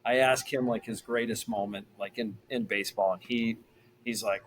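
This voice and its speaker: A middle-aged man, a former pro pitcher, telling stories casually as a podcast guest and acting out the people he quotes. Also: moderate pace, a little hiss or hum, low-quality recording. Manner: animated, acts out quoted voices. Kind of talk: casual storytelling.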